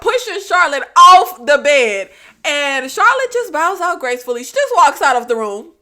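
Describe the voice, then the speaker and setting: A woman casually recapping a TV episode, animated, laughing often and acting out quotes. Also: high-pitched. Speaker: recap vlogger.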